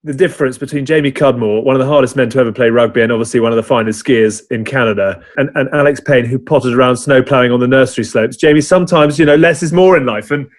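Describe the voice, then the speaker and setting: A man hosting a sports podcast, wrapping up the episode with a brisk, polished sign-off and some light teasing. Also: mid-range voice. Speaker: podcast host.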